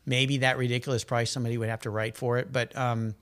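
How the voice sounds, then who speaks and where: A middle-aged man, a guest, chatting casually and telling animated, rambling anecdotes. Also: mid-range voice, fast. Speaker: guest, car enthusiast. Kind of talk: casual conversational storytelling.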